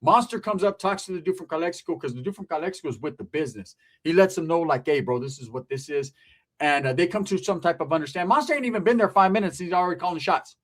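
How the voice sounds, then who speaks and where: Animated, profane storytelling man. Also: fairly high pitch, quick pace. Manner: profane, animated, acts out quoted voices. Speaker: guest recounting his past. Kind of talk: casual storytelling.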